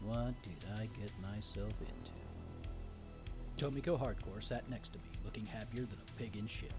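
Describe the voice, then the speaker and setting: A man's voice: lowish voice, moderate pace, over music. A man narrating a horror story in a wry, dry storytelling manner.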